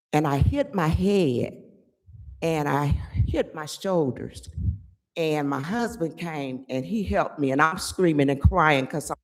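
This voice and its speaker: An older woman giving an angry, emphatic public comment at a village board meeting, often pausing to ask "okay?". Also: deep voice. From Chicago area.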